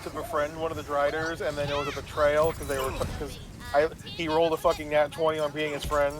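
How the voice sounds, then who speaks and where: High-voiced man rambling through a game story. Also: little pitch movement, quick pace. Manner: rambling, swears, keeps asking "right?". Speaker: game master. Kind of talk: casual storytelling about a tabletop game.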